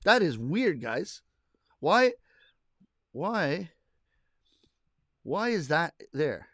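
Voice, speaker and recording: A man's voice: on the high side, sing-song, extremely slow, pauses often, a bit bright, dry recording. Chatty man with a dry close sound. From Canada. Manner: rambling, self-correcting, chuckling. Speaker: comedian hosting a weekly live stream. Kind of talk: casual chat reading viewer comments.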